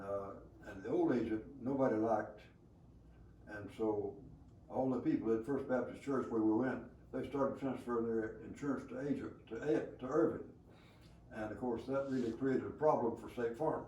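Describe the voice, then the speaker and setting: An elderly man in his nineties with a Southern American drawl recounts his working life, pausing on "uh"s and chuckling as he goes. He sits back from the microphone in a roomy space with faint noise behind him. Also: lowish voice, dark tone, far from the mic. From rural Alabama. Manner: rambling storyteller, many hesitations and chuckles. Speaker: veteran being interviewed. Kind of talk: storytelling interview.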